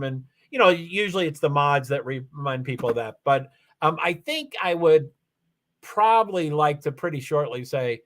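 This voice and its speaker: A man talking casually into his computer mic on a live stream, his voice sitting a little higher than most men's. He rambles and corrects himself as he goes, with plenty of ums and asides. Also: lively intonation, normal speed, a bit bright. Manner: rambling, self-correcting, chatty with frequent fillers. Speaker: live streamer reading chat. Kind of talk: casual livestream chat.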